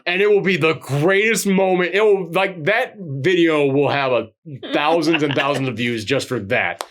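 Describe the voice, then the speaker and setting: A man co-hosting a movie review show from a couch, chatting casually and rambling with animated asides. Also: a little high, normal speed. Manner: chatty, rambling, animated with frequent laughs and quoted voices. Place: living room, on a couch.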